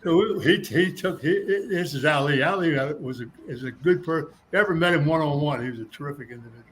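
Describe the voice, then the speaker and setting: An older American man, a former boxer and actor, is an interview guest spinning old fight stories and doing everyone's voices, acting out their lines in raised tones and laughing often. His voice is slightly high and fast, and the poor audio has a bit of hiss behind it.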